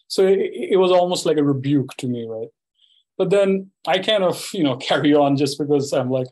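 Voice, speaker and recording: A man's voice: on the high side, normal speed, darkish tone, rough recording. A man giving a university lecture, telling a field anecdote in a loose, conversational way full of "you know" and "right?". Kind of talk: storytelling academic lecture.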